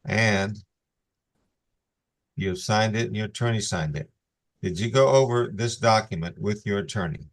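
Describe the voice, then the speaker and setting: A lowish-voiced man acts as judge in a hearing held by video call. He reads out the legal warnings with a steady, formal rhythm.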